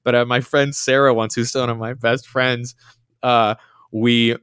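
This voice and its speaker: A man's voice: medium pitch, little pitch movement, unhurried, fairly bright tone, clean tone, dry recording, clean studio sound. A young adult man, a podcast guest, telling casual stories and acting out quotes in a raised voice. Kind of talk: casual storytelling chat.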